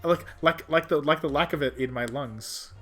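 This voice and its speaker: A man's voice: on the high side, moderate pace, bright, forceful tone, faint music behind. A man reading game lines as an earnest, nervous young law student, close to his own voice. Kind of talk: reading game dialogue aloud.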